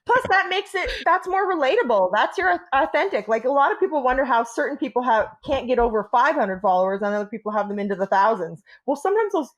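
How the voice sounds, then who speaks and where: A woman with a higher voice co-hosts a podcast. She chats casually and encouragingly, with loose, everyday phrasing. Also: animated, quick pace, hardly any pauses. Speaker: podcast co-host. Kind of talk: casual chat.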